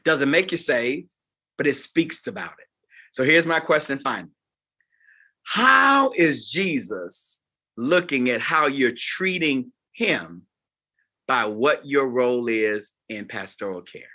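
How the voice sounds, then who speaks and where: A man in his fifties, a pastor, preaching a closing sermon to volunteers and sweeping from loud highs to quiet lows. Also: lively intonation, slow pace. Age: 50s. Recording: live talk before a group.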